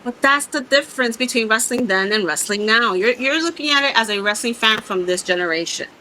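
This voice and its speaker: Bright-voiced woman co-host, emphatic. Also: a little high, lively intonation, fairly quick, slight background noise, rough recording. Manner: emphatic, insistent, repeats herself. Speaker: podcast co-host. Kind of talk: casual chat.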